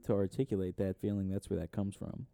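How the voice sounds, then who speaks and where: Deep dark-voiced man musing aloud. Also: level tone, fast, vocal fry, clean tone, no echo. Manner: musing, thinks out loud. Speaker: podcast co-host. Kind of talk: casual chat among friends.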